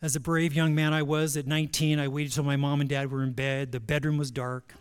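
A man who is a pastor, telling a personal story in a sermon and then leading a closing prayer, lively, with repeated words and restarts. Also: on the high side, unhurried, long pauses, clean tone.

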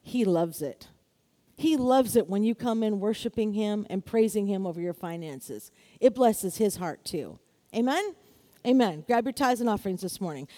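A middle-aged woman preaching a sermon in a lively, exclaiming way, often asking for amens. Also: mid-range voice, normal speed. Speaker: pastor.

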